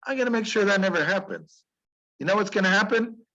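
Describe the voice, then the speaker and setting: A man's voice: sits high, brisk, bright, forceful tone, lo-fi sound, voice pushed up. A man voicing God as a stern but caring deity who lectures and admonishes in an emphatic, repetitive way. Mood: earnest, admonishing. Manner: emphatic, scolding, pleading repetition. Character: God, stern yet caring, speaking to humans.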